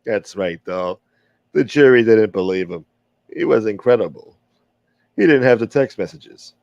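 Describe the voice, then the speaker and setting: A man putting on a gruff old-school mobster who keeps calling himself a gentleman, menacing yet mock courteous. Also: fairly low pitch, expressive, unhurried, no echo, dull audio, pitched below the performer's own voice.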